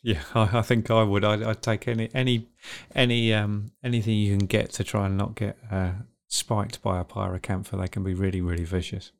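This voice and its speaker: A male podcast host asks his guest questions, often stopping and restarting as he goes. His voice is low and noticeably gravelly. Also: flat delivery. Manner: hesitant, halting questions. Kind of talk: interview questions.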